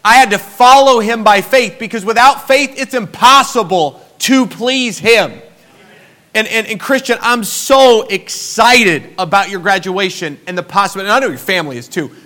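A pastor in his forties with a high, bright and forceful voice, preaching in a storytelling way. He drops to near-murmurs and then rises to emphatic bursts. His delivery is personal and conversational. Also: moderate pace. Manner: storytelling, emphatic, swings between soft and loud. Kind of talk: sermon.

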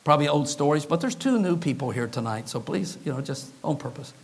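A high-pitched male pastor preaching a sermon in a church. He tells his stories in an animated way and acts out each person in the dialogue with his own shifting voices. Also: brisk, vocal fry, husky. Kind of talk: sermon storytelling.

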